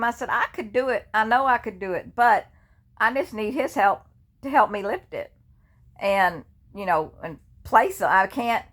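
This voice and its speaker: A woman's voice: medium pitch, fairly bright tone. An older woman talking casually from her bed in a personal vlog, rambling and chatty with many restarts, into a phone held at arm's length. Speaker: grief vlogger. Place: indoors, lying in her bed.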